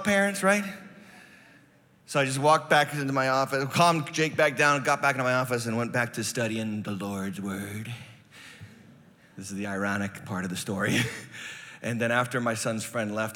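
Bright-voiced male pastor in an echoing hall. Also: mid-range voice. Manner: storytelling, builds to loud emphatic preaching. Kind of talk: sermon.

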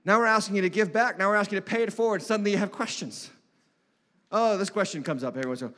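A man preaching from the pulpit with a high, bright, ringing voice that carries a long hall reverb. He is emphatic and animated, and now and then mocks imagined critics in put-on voices. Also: quick pace. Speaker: lead pastor. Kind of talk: sermon. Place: church sanctuary.

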